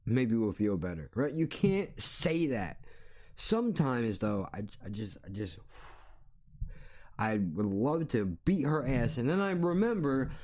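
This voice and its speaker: A man's voice: medium pitch, sing-song, measured pace. A man hosting a solo podcast, ranting bluntly and sarcastically with plenty of swearing. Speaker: podcast host.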